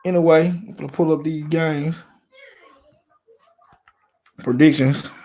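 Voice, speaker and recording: A man's voice: on the high side, fairly even intonation, takes it slowly, darkish tone. A man from Memphis with a Southern accent, hosting a casual live stream about football in a laid-back, slangy way. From Memphis, Tennessee.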